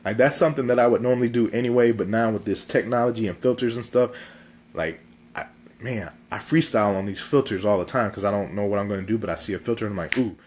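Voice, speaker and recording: A man hosting his own video talk show, chatting casually and goofily with a stuffy, congested throat and lots of fillers, recorded on a phone. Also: fairly low pitch. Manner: chatty, goofy, rambling with fillers. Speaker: vlog host.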